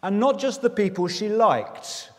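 Preaching as a guest minister at a church in London, this man is chatty and self-deprecating and tosses asides to the congregation. His voice sits high and sounds animated, unhurried and a little mellow, echoing in a reverberant hall.

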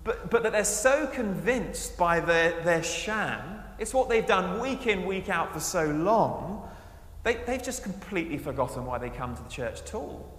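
A man preaching a sermon, swinging between raised emphasis and quiet, hushed asides. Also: high voice, expressive, measured pace, echoey room, long reverb tail.

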